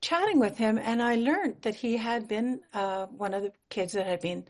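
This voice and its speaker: A woman's voice: on the high side, normal speed, a little mellow. Earnest, reflective woman interviewee. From Manitoba, Canada. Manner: earnest, reflective storytelling with easy laughs. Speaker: singer-songwriter guest. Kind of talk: radio interview conversation.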